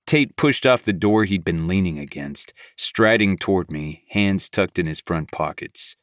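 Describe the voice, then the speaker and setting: A man narrating a novel in first person with a flat, gruff delivery. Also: sits low, unhurried, no echo, clean studio sound. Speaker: audiobook narrator. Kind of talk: scripted narration.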